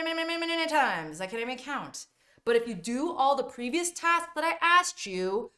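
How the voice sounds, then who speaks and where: A woman's voice: mid-range voice, a bit bright. A woman coaching viewers through binge-eating recovery in an emphatic, blunt motivational talk, repeating points and sometimes swearing.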